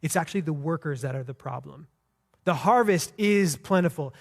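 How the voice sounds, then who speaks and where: Guy preaching in a church, kinda high voice, chatty and earnest, long echo off the hall. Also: expressive, moderate pace, vocal fry. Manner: conversational, earnest, with frequent restarts. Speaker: pastor. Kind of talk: sermon. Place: church sanctuary.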